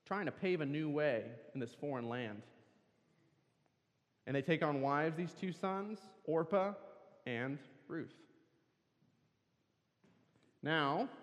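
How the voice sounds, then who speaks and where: A man preaching at a campus worship service, telling a scripture story earnestly and pressing hard on key words. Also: on the high side. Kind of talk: sermon. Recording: long hall reverb.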